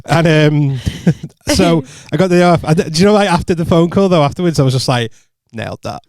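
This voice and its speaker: A man's voice: fairly high pitch, brisk, darkish tone, dry recording, clean studio sound. A young man with a Liverpool Scouse accent, telling stories in casual podcast chat and acting out the people in them. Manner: storytelling, swearing, acting out voices of people in the story. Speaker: podcast co-host.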